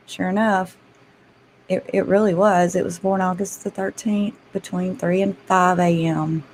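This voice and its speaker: A woman's voice: on the low side, fairly even intonation, a little slow, a little hiss or hum, low-quality recording. A woman, a grandmother and channel host, chatting casually and laughing often as she tells stories to her viewers. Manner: chatty, laughs often, addresses listeners as y'all.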